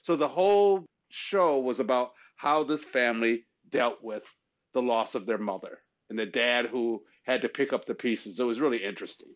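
A man's voice: normal speed, lo-fi sound. A man co-hosting a casual chat show, telling personal stories earnestly and acting out quoted voices. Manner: earnest storyteller, acts out quoted voices with rising pitch. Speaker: podcast co-host.

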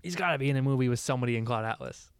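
A young man hosting a casual podcast game night, chatty and relaxed, in a loose conversational way. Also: mid-range voice, very fast, clean tone, no room sound, clean studio sound. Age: young adult. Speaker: podcast host running a movie game. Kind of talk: casual chat.

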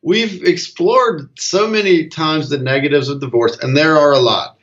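A man's voice: a little high, normal speed, fairly bright tone. A middle-aged man talking casually, earnest and emphatic, telling a personal story. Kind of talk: casual conversation. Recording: slightly dull lo-fi audio.

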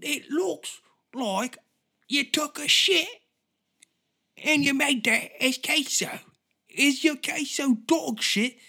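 A man impersonating a blunt, scornful celebrity chef who sneers at bad food with a breathy voice. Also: very high-pitched, slow, pauses often, sharp tone, voice pushed up, heavily acted. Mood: disgusted.

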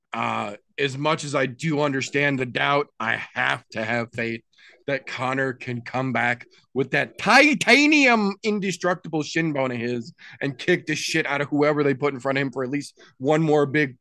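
A man's voice: mid-range voice, fairly bright tone, dry recording. A man hosting a podcast, judging a debate in a playful way with mock-dramatic flourishes. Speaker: podcast host. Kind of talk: casual podcast banter.

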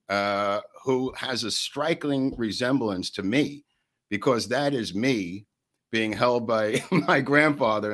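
An older man, telling rambling family stories on a podcast, laughing often and jumping his voice up high when he quotes people. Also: a bit bright. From New York. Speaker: podcast co-host. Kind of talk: storytelling in casual chat.

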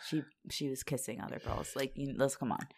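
A woman co-hosting a casual podcast recap, animated and laughing, acting out characters in quick voices. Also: very deep voice, over a noisy crowd. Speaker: podcast co-host recapping a TV show. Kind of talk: casual chat.

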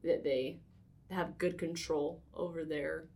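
A woman's voice: low voice, steady tone, slow pace, gravelly, darkish tone. A woman co-hosting a podcast, chatting casually and often saying "like". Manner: casual, uses "like" often, laughs along. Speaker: podcast co-host. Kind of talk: casual conversation.

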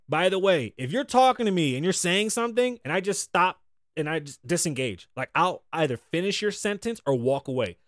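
Animated, profane man ranting on a podcast. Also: high voice, no echo, studio quality. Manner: profane, animated, exasperated storytelling. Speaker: podcast host. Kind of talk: casual ranting monologue.

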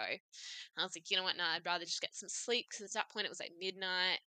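A woman's voice: lowish voice, fairly even intonation, fast talker, bright, forceful tone, no room sound. A young woman in her twenties, a podcast guest telling her story in a chatty way, full of "like" and quoted asides. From Australia. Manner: chatty, frequent "like" and "I was like" quotes. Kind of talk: casual storytelling.

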